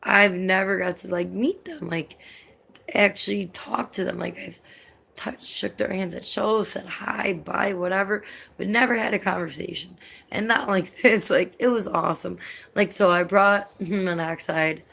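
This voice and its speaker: A woman's voice: medium pitch, unhurried, vocal fry, fairly bright tone, slightly rough. A young woman vlogger telling a story in a rambling, casual way, filling her talk with "like" and swearing freely. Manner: rambling, heavy use of "like", swears often.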